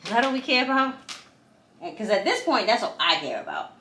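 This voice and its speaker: A woman's voice: on the high side, big pitch swings, a little fast, pushed and bright. A woman chatting to her camera while she assembles furniture at home, exasperated and talkative. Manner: talkative, exasperated, addresses viewers as y'all. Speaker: vlogger. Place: room at home. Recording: echoey room with faint noise.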